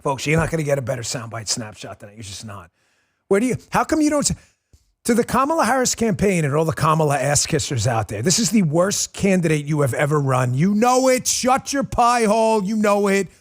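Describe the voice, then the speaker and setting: Man in his forties, fairly high voice, ranting show host, blunt, emphatic. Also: very animated, fast talker. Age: 40s. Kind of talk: live-stream commentary.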